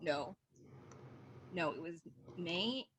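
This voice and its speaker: A woman's voice: fairly low pitch, expressive, drawn-out words, fairly bright tone, a little hiss or hum, voice pushed down, full character voice. A woman voicing her elderly father, forgetful and hesitant, correcting himself. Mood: muddled. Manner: hesitant, muddled.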